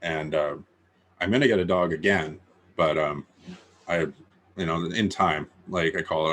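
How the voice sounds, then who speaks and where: Deep, flat-voiced swearing podcast man. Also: a little hiss or hum. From Canada. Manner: swears constantly, rambling with many fillers. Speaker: podcast co-host. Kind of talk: casual podcast chat.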